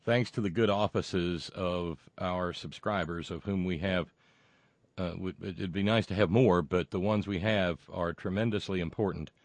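A man with a low voice and a drawl carries a solo podcast monologue. He rambles and restarts, with sardonic asides. The sound is close and dry, with no room around it. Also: steady tone, normal speed, no echo. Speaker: podcast host.

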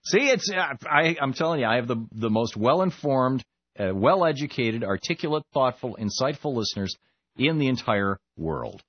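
A man's voice: medium pitch, animated, moderate pace, no echo. A man hosting a political call-in radio show, emphatic and opinionated, often repeating words as he talks. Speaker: radio talk show host. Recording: slightly muffled radio broadcast.

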